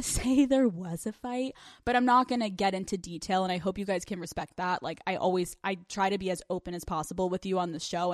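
A woman's voice: mid-range voice, no room sound. A young adult woman hosting a casual solo podcast, candid and crude, joking as she talks into a close mic. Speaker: podcast host.

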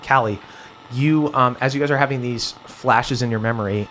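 A man's voice: medium pitch, moderate pace, fairly bright tone, a little hiss or hum. A man narrating as game master in a tabletop game, describing scenes casually with lots of fillers.

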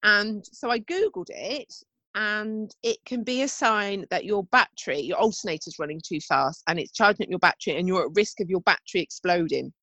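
A woman's voice: mid-range voice, fairly quick, pushed and bright, dry recording. Woman, chatty storyteller, self-mocking, dry close-miked sound. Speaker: podcast co-host. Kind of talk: casual chat.

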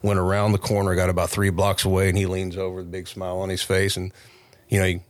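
Man, very deep voice, dry close mic, casual storyteller, podcast guest, restarts often. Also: fast talker, no echo. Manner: animated, rambling anecdote with many restarts. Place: recording studio.

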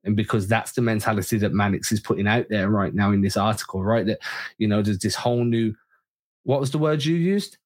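A man's voice: lowish voice, fairly quick. Opinionated male sports podcast host. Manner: opinionated, emphatic. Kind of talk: casual sports chat.

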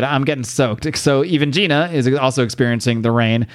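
A man hosting a comics podcast, casually recapping a story and acting out the dialogue in raised, excited voices. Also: fairly quick, smooth, no room sound, studio quality. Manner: acts out dialogue with high-pitched voices, swears casually. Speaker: podcast host.

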